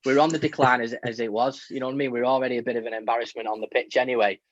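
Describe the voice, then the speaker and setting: Chatty guy talking footy fast, kinda dull lo-fi dry sound. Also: mid-range voice, fairly even intonation, no echo. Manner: fast, chatty, many fillers. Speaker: podcast co-host. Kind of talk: casual chat.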